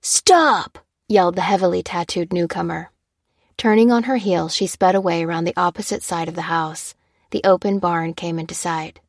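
A woman narrating a thriller audiobook in a steady, measured way. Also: fairly low pitch, no echo, studio quality.

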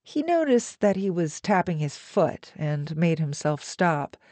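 A woman narrating an audiobook with an even, measured reading. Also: lowish voice, no echo.

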